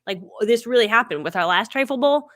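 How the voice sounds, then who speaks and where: A woman's voice: on the high side, lively intonation, quick pace, a bit bright. A middle-aged woman hosting a live stream, telling stories in a chatty way, laughing often and acting out what people said. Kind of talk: casual chatty storytelling.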